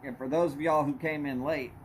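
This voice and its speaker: Brisk and slightly high-pitched, with fairly even intonation, this livestream host talks casually with his audience. He greets people by name, drawls folksily, and says "y'all," while a faint hiss or hum sits under the audio.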